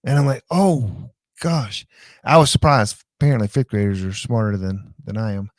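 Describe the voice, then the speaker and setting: A middle-aged man hosting a live show, chatting casually and telling rambling, animated stories full of restarts. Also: lowish voice, quick pace, no echo, studio quality. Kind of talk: casual live-stream chat.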